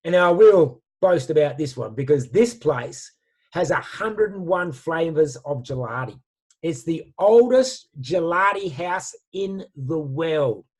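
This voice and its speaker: A man giving an animated motivational talk and telling stories with casual slang. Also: on the high side, husky. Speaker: guest speaker.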